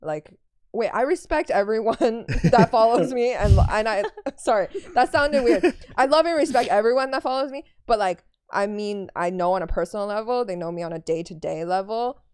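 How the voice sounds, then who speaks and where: A woman's voice: mid-range voice, normal speed, a little mellow, clean tone, no room sound, clean studio sound. A woman guest on a podcast, talking in a chatty, giggly way and often correcting herself. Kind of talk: casual chat.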